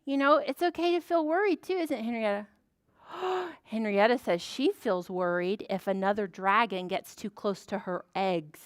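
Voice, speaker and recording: A woman librarian leading a preschool story time, animated and sing-song, gasping in surprise as she talks to small children. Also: mid-range voice, moderate pace, dry recording, clean studio sound.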